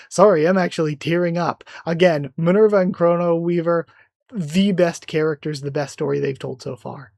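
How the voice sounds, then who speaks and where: A host talking through a live comic reaction, enthusiastic and rambling, doubling back with fillers. The voice sits at a middling pitch, and the recording is dry and close. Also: moderate pace, vocal fry, a little mellow, no room sound.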